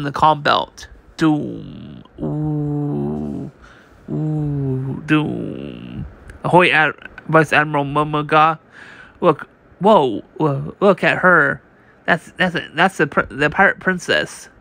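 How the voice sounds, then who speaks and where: Guy reading a comic out loud, kinda high and gravelly, stumbles and restarts a lot. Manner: unpolished reading with frequent restarts and read-out sound effects. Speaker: channel host reading a manga aloud. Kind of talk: casual reading aloud of a comic.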